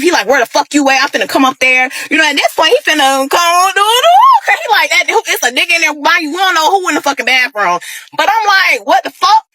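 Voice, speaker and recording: High-voiced woman ranting a storytime. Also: no room sound. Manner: profane, animated storytelling. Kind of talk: storytime rant to camera.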